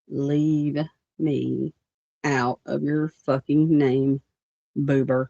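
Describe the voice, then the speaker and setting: A woman's voice: extremely low pitch, flat delivery, drawn-out words, vocal fry, warm tone, no room sound. Blunt, profane woman ranting. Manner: blunt, profane and rambling, with many fillers. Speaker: livestream host. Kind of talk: livestream rant. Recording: dull lo-fi stream audio.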